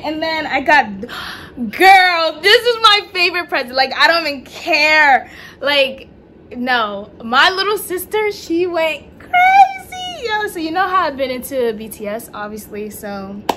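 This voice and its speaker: A young woman chatting casually in a home vlog, excitable and gushing, full of slang, with faint noise in the background. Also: high voice. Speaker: vlogger. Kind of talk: casual haul vlog chat. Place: home room at night.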